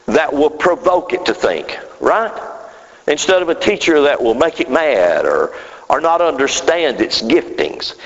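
A man preaches a rambling sermon in a somewhat high voice, his pitch swinging widely. He keeps checking whether the congregation follows him. The sound is muffled and rings with long reverb in a church hall. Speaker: pastor.

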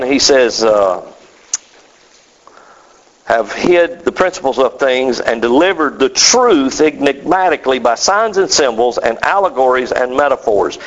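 A man's voice: medium pitch, highs cut off. A man with a North Georgia Southern accent, teaching by reading a text aloud and commenting on it, building up to emphatic rhetorical questions.

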